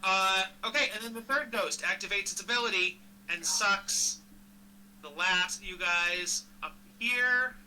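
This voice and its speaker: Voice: mid-range voice, unhurried, sharp tone, slight background noise, poor audio. A casual, chatty game master running a tabletop game, laughing easily and correcting themselves mid-sentence.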